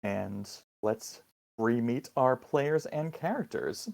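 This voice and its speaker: A man's voice: mid-range voice, animated, takes it slowly, vocal fry, a little mellow. Easygoing male game master. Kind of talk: hosting a tabletop game stream.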